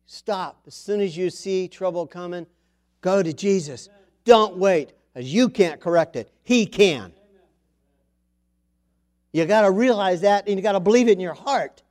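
High-voiced, animated male preacher. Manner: animated, with sudden loud bursts and soft drops; slows down to read scripture aloud. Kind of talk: sermon.

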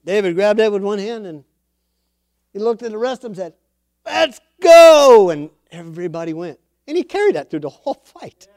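A man delivers a sermon in a high, bright-toned voice that rises as he acts out the characters. The sound is dry and close. He tells the story with animated, building energy. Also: a little fast, dry recording. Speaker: preacher.

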